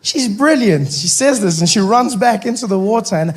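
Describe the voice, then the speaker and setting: A man with a South African accent doing stand-up comedy, telling a story with animated bursts and mock outrage. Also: high voice, moderate pace, husky.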